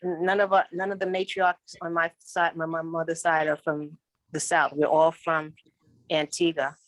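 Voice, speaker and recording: A woman answering questions at a spiritual reading, speaking haltingly with repeated restarts. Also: low-pitched, level tone, fairly bright tone, no room sound. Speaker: client at a psychic reading. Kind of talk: casual conversation.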